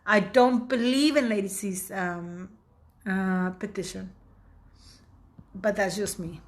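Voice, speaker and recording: A woman's voice: mid-range voice, slow. A woman in her fifties hosting her own channel, giving blunt, indignant opinion commentary with emphatic delivery. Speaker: channel host.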